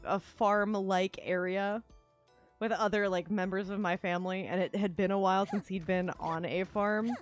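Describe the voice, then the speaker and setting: A young woman streaming a game, chatting casually in a rambling way, full of "like" fillers and quick laughs. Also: mid-range voice, steady tone, dry recording, faint music behind. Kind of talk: casual chat while gaming.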